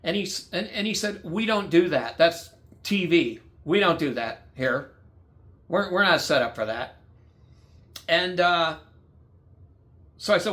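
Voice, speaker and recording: Man, bright high voice, blunt angry storyteller, swears freely. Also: animated, a little slow, pauses often. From United States. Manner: blunt, heavy swearing, re-enacts dialogue. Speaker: guest telling his story.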